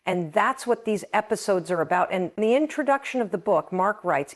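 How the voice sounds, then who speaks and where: A woman's voice: medium pitch, expressive, fairly quick, few pauses. A middle-aged woman hosting a podcast, talking earnestly and with emotion about something that moves her. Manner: earnest, emotional, reads passages aloud. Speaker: podcast host. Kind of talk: heartfelt podcast monologue.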